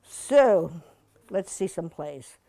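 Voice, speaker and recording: A woman's voice: lowish voice, animated, extremely slow, creaky, warm tone. A woman in her seventies giving a chatty, playful slide-show talk to a museum audience, full of asides and laughter. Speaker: guest speaker at a museum talk.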